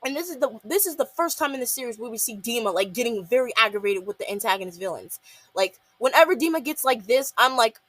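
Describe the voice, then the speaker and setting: A woman's voice: fairly high pitch, expressive, fast talker, fairly bright tone, no room sound. A young woman casually reviewing a cartoon episode, rambling with lots of fillers and acting out the characters' lines. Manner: rambling, many fillers, acts out quotes. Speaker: show reviewer.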